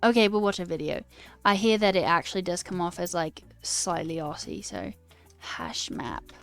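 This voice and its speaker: A woman's voice: on the low side, a little fast, smooth. Hesitant American woman streaming, faint music. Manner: thinking aloud, hesitant, self-mocking. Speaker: livestream host. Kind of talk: casual livestream coding chat.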